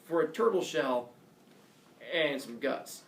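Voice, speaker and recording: A lively, swooping king of the gods, as a man puts him on in a classroom myth retelling. He sounds curious and disbelieving, his voice a little gravelly. It comes from afar across an echoey classroom. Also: on the high side, slow pace, far from the mic, a little hiss or hum. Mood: incredulous. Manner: animated storyteller voicing dialogue. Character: booming king god, curious and incredulous. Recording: roomy classroom heard from afar.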